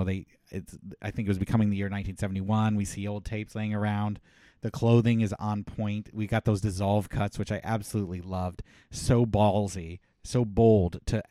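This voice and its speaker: Low-voiced man with a slightly worn voice. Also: mellow, no echo, studio quality. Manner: enthusiastic, emphatic opinions. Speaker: podcast co-host. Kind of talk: casual film discussion.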